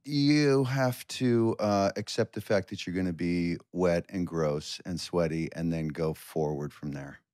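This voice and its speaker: A man's voice: sits low, measured pace, hardly any pauses, darkish tone, no echo. A middle-aged man co-hosting a podcast, telling dry, playful jokes and stories. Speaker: podcast co-host. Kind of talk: casual comedic banter.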